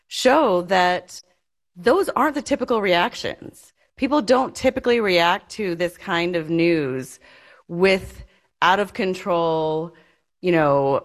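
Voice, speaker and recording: Fast-explaining woman researcher. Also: fairly low pitch. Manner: quick, fluent explanations with fillers. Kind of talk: conversational interview answer.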